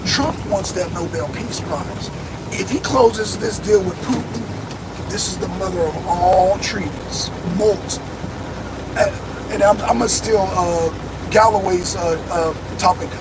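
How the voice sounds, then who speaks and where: A man's voice: sits high, measured pace. A man co-hosting a political talk show, rambling casually in slang and talking straight to his viewers. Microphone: struggling with a faulty mic on a live stream. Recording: noisy live stream with a bad mic.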